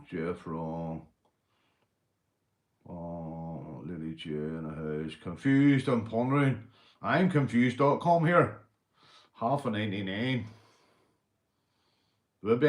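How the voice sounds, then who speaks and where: A Northern Irish man hosting a livestream, telling crude jokes, swearing and shouting out viewers. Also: mid-range voice. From Northern Ireland. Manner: rowdy, swearing, joke-telling, reading viewer comments. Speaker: livestream host. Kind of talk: casual livestream chat.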